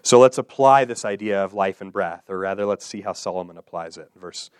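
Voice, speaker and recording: A man's voice: on the low side, fairly quick, smooth, no room sound, clean studio sound. A man preaching an expository sermon, repeating phrases in rhythmic runs that build up and then settle.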